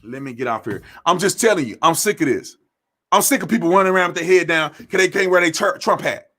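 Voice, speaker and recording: Talking fast in a high, fairly bright voice, this political commentator delivers an angry, confrontational rant straight to the camera. His speech is informal and full of slang, blunt throughout, with phrases repeated to hammer points home.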